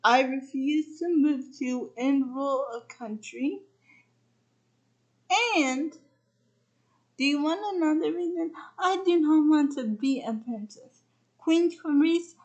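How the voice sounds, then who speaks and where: A woman quoting a reluctant, defiant teenage girl in a movie recap, halting as she reads. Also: high voice, lo-fi sound. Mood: protesting. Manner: plainly read-out quote, halting.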